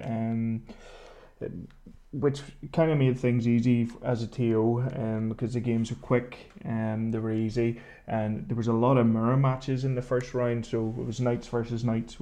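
A man's voice: medium pitch, warm tone. A man who organized the tournament, talking through how it went with many ums and restarts. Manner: hesitant, lots of ums and restarts. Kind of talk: recorded thank-you message.

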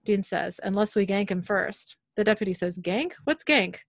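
A woman talks through a TV episode scene by scene, reading the characters' lines without much change of voice. Her pitch sits in the middle, and the recording is dry and close with little room sound. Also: little pitch movement, dry recording. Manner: narrates scenes briskly, quoting characters in near-own voice. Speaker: podcast host recapping an episode. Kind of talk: casual recap, reading scene lines aloud.

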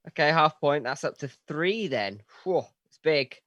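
An easygoing man co-hosting a film podcast, agreeable and quick with a joke. His voice is bright and forceful. The sound is dry and close. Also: a little high, expressive, no echo, lo-fi sound. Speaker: podcast co-host. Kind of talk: casual film review chat.

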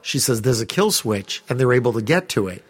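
Animated, rambling man telling a story. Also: medium pitch, fairly quick, slightly rough. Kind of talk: casual chat.

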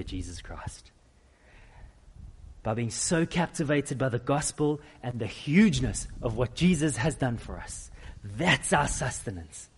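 A middle-aged man preaching a sermon, with animated, self-deprecating storytelling. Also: medium pitch, husky. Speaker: pastor.

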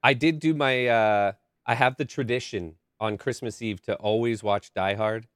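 A man's voice: medium pitch, moderate pace, no room sound, studio quality. A man co-hosting a podcast in casual chat, laid-back and drawing out his phrases. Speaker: podcast co-host.

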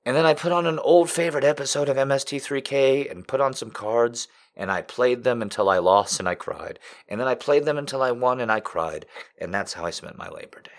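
A man hosting a live podcast, telling a story to his chat, dropping from hushed whispers to loud, profane, teasing jokes. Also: medium pitch, brisk. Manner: swings from hushed whispers to loud crude joking. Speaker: livestream podcast host.

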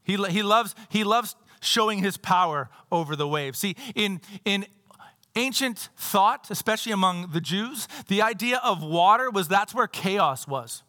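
A man's voice: high voice, animated, a little slow, bright, forceful tone. A male pastor preaching a sermon in a church. He talks conversationally, reads scripture aloud, and adds playful asides. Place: church sanctuary. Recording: long hall reverb.

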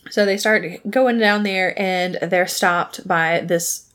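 A woman co-hosting a casual podcast, retelling a movie's scenes in a chatty way with quick quoted lines and giggles. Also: fairly low pitch, steady tone, a bit bright. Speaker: podcast co-host. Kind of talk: casual movie recap chat.

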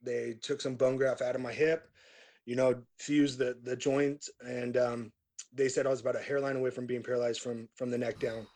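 At a moderate pace and an everyday middle pitch, a middle-aged man who sings in a metal band recalls his history as a podcast guest. His storytelling is casual and relaxed, wandering along with plenty of fillers and restarts.

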